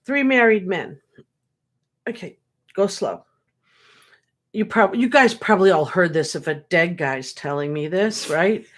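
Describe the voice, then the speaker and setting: A woman's voice: fairly low pitch, measured pace, pauses often, fairly bright tone. A woman psychic medium chatting casually on a livestream, rambling as she relays messages and jokes from spirits, sounding worn out. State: tired. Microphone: webcam or computer mic.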